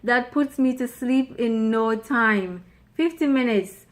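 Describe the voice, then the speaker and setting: A woman's voice: a little high, slow. A woman chatting playfully with her husband about their marriage, talking freely and laughing often. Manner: self-described loud mouth. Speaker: co-host, wife. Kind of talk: casual chat about marriage.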